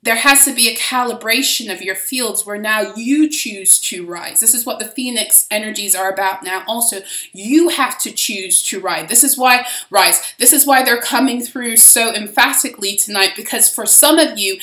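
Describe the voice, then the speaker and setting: A woman with a bright, forward tone talks through a spiritual reading, swearing freely and often restarting her sentences. Her voice sits a little high and rings out in a roomy, echoing space. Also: moderate pace. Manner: rambling, profane, with frequent restarts. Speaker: spiritual reader. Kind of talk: casual spiritual reading monologue. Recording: roomy echo.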